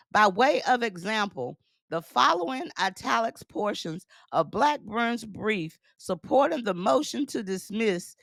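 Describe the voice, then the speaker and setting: A woman with a gravelly, creaky edge to her voice reads a legal order slowly, her pitch swinging widely as she breaks into sassy asides. The sound is close and dry, with no room around her. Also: fairly bright tone, dry recording. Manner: laughs between passages. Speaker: news commentator. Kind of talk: reading and commenting on a court order.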